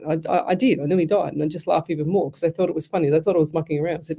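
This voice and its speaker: A woman's voice: sits low, fairly even intonation, rapid-fire, few pauses, dark tone, slightly rough. An Australian woman hosting a live psychic radio show, chatty and effusive, rambling through stories. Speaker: psychic medium radio host. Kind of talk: casual live radio chat.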